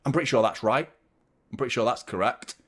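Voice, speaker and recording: A man's voice: medium pitch, fast talker, slightly rough. Young guy, casual watchalong host, rambling and jokey, mid-range voice. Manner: rambling, jokey, reads out viewer shout-outs. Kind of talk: casual live-stream chat.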